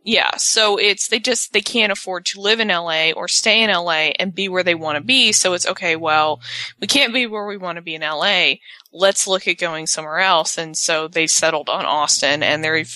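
A woman's voice: lowish voice, normal speed. A woman co-hosting a podcast, chatting casually and animatedly as she recaps a reality show. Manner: chatty, animated, slips into quoted voices. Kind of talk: casual chat.

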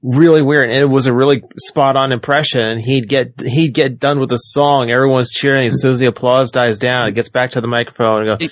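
A man's voice: mid-range voice, fairly even intonation, brisk, few pauses, no room sound. A man in casual chat, leaning heavily on fillers like "like" and restarting his sentences often. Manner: filler-heavy, many restarts. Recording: dull lo-fi sound.

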